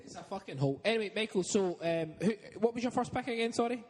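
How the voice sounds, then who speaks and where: A man's voice: high-pitched, animated, fast talker, a little mellow, long reverb tail, a little hiss or hum. A man steering the casual sports banter on a podcast, brash and swearing. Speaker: podcast panelist.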